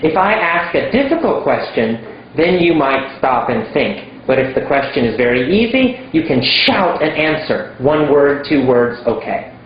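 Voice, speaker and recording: A man teaching English in a slow, emphatic way, repeating simple words for learners. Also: mid-range voice, very animated, slight background noise. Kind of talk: slow teaching monologue to camera. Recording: very echoey room, dull lo-fi sound.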